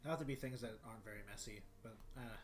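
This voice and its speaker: A man's voice: fairly low pitch, rapid-fire, a little hiss or hum. A young man streaming from his bedroom, chatting casually and rambling with lots of fillers and restarts. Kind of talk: casual solo livestream chat.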